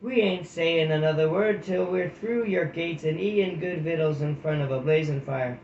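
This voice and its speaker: A man's voice: on the high side, moderate pace, darkish tone, echoey room, lo-fi sound, slight background noise, natural voice. A man voicing a blunt old male hedgehog with rustic, bossy speech. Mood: cheeky.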